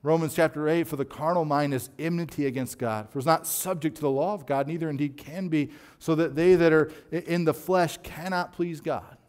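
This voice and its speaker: A man preaching a sermon as pastor, reading scripture and telling a story from his own life, rising to near shouts when he acts out quoted voices. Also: fairly high pitch, fairly quick, few pauses.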